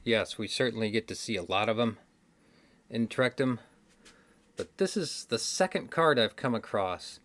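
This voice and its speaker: Man, Midwestern accent, casual trivia host, rambling, self-correcting, mid pitch. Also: fairly bright tone. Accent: Midwestern American. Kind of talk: casual solo chat to camera. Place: indoors, card game stack behind him.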